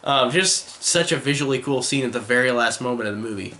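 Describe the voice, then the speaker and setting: A man's voice: medium pitch, brisk, bright, forceful tone, a little hiss or hum. A man giving a casual spoken film review, enthusiastic and rambling, with many fillers like "like" and "um".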